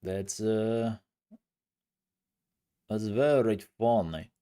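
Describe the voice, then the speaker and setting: A man's voice: fairly low pitch, very slow, warm tone, smooth. A man streaming, chatting casually with viewers in a rambling, self-mocking way. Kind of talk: casual live-stream chat.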